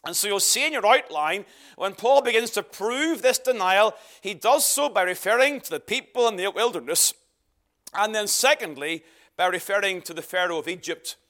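A man's voice: high-pitched, animated, moderate pace, fairly bright tone. A man preaching a sermon, emphatic and earnest, often repeating words for stress. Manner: emphatic, varied delivery with repeated phrases.

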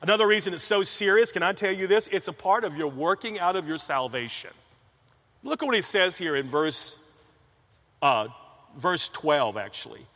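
A man's voice: high voice, lively intonation, moderate pace, sharp tone. A man preaching a sermon in an emphatic way, repeating key phrases and telling personal stories. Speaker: pastor. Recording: long reverb of a large hall.

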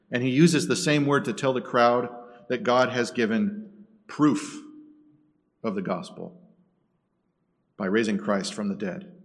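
Preacher guy giving a sermon, goes quiet then loud, echoey church sound. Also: mid-range voice. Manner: dramatic swings between hushed and loud. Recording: echoey hall from a distance.

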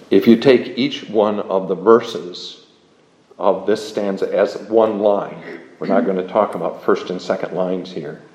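A man giving a classroom lecture, speaking in a measured, deliberate way with pauses and fillers. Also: sits low, darkish tone. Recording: echoey room, faint room noise.

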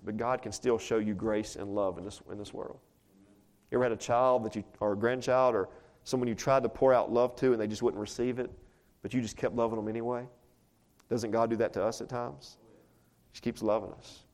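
A pastor delivers a sermon in church, talking to his congregation in a chatty, conversational style and frequently posing rhetorical questions. His mid-range voice has a darkish tone, and he speaks fairly quickly with fairly even intonation.

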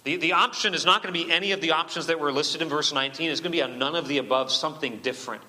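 A man's voice: fairly high pitch, racing, bright, forceful tone. Man, pastor, sermon, emphatic, rhetorical questions, long church reverb.

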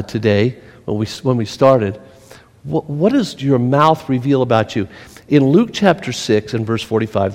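Animated male preacher in a reverberant hall. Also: fairly high pitch. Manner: animated preaching, swings from mocking mutters to loud exclamations. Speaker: pastor. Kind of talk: sermon.

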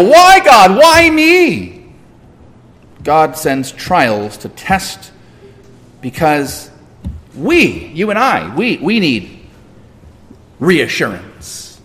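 High, lively preacher in echoing church. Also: male voice. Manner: emphatic, repeats phrases, questions the congregation. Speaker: pastor. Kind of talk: sermon.

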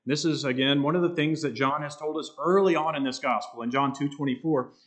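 Earnest male preacher, emphatic slow stresses. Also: on the high side, a bit bright. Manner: earnest, emphatic, slows down to stress key words. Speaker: pastor. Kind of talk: expository sermon.

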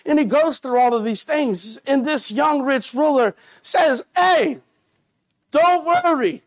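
A man preaching a sermon as pastor, earnest and slowly stretching out his key phrases. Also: very high-pitched, no room sound.

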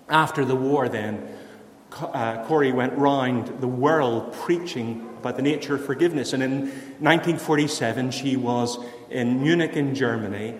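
A man preaching a sermon in an earnest way. He lifts his voice for emphasis and then drops to a hushed voice to tell a story. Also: mid-range voice, normal speed, a little hiss or hum. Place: church. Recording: echoey church hall.

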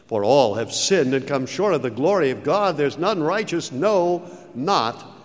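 A man preaching a sermon, slow and emphatic, with big dramatic rises and falls in his voice. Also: fairly high pitch, lively intonation. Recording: long hall reverb.

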